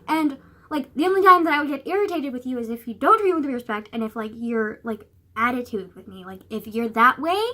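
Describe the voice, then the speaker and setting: A woman's voice: high-pitched, bright, forceful tone. A young woman vlogging in a rambling, casual way, full of "like" and swearing. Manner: rambling, filler-heavy, swears a lot. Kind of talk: casual chat.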